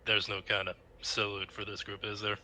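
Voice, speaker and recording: A man doing an eager young bandit recruit with a bright, sharp tone over a lowish voice. He answers with earnest, polite, clipped replies. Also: completely flat delivery, moderate pace.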